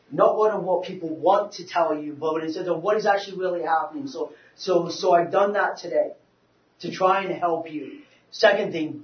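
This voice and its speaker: A man giving an animated church talk to a group, telling stories with many restarts. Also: a little high. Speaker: speaker. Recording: roomy, distant, dull lo-fi sound.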